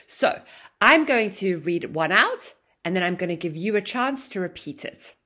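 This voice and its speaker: A woman teaching an online English grammar lesson, explaining with a lively, sing-song intonation. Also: fairly low pitch, moderate pace.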